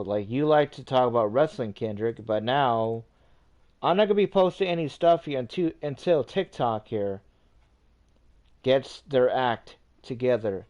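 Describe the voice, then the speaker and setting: A man's voice: mid-range voice, a little mellow, highs cut off. A man hosting a livestream, ranting casually in a rambling, repetitive way and swearing often. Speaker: livestream host.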